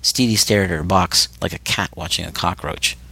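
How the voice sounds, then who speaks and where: A man reading his own novel aloud as audiobook narrator, steady and measured. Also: deep voice, creaky. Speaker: author and narrator.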